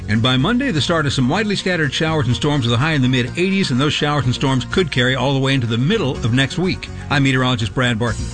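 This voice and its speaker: A man's voice: mid-range voice, animated, fast talker, hardly any pauses, fairly bright tone, faint music behind. A man reading a radio weather forecast as a meteorologist.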